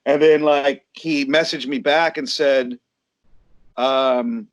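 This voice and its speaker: A man's voice: medium pitch, fairly even intonation, slow, dry recording, muffled recording. A man, a heavy metal singer, being interviewed and telling stories in casual chat, acting out quoted exchanges and swearing freely.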